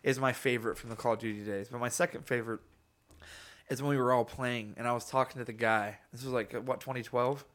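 A young man in casual podcast chat, telling rambling, animated stories full of swearing and laughter. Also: mid-range voice, fast talker.

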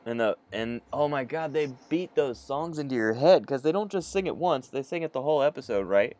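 Young male co-host, lively sing-song delivery, loose profane riffing with lots of "like". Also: mid-range voice, a little fast. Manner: joking, profane, rambling with many fillers. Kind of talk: casual comedic chat.

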